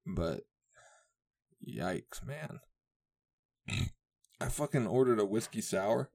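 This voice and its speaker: A man's voice: on the low side, lively intonation, measured pace, vocal fry, darkish tone. A young man hosting a podcast, chatting casually on his own, rambling and swearing with frequent laughter. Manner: rambling, profane, laughs often. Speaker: podcast host. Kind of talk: casual solo podcast chat.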